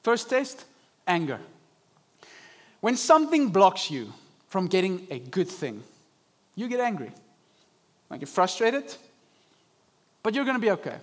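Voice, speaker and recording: Young male pastor, high-pitched, animated sermon delivery. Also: a little slow, pauses often. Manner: animated preaching, acting out inner voices. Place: church service.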